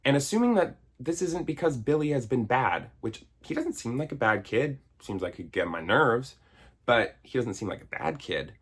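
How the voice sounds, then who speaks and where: Exasperated husky-voiced man ranting. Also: medium pitch, sing-song, moderate pace. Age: 30s. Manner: sarcastic, exasperated, swears, mimics characters in silly voices. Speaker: video essayist. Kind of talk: comedic movie review rant.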